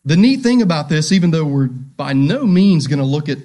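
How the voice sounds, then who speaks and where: A man preaching a sermon as pastor, reading scripture aloud and asking his listeners direct questions, swinging between loud emphasis and hushed tones. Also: fairly high pitch, animated, moderate pace.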